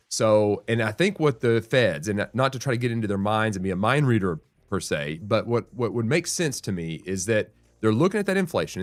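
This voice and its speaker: The real estate show host here has a fairly low male voice and explains market news as if thinking aloud, often restarting and adding "right?" The recording is dry.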